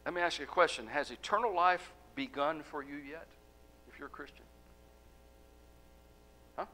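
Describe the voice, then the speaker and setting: A man preaching a sermon as pastor, asking the congregation rhetorical questions and letting key words fall soft. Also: on the high side, moderate pace, rough recording. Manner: emphatic, rhetorical questions, drops to soft endings.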